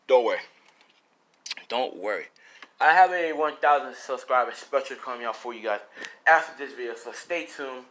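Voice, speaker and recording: Lively, rambling man telling a story. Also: fairly high pitch, slight background noise. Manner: rambling, profane, slangy. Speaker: storyteller, channel host. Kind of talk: casual improvised fan story narration.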